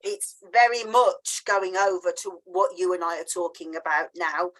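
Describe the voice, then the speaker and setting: A woman's voice: lowish voice, moderate pace, low-quality recording. A woman hosting a casual interview, chatty and telling stories with voices. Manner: chatty, animated storytelling with acted voices. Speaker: host.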